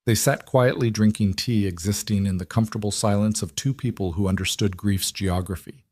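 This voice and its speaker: Low-voiced man narrating a story. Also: fairly even intonation, brisk, darkish tone, no echo, studio quality.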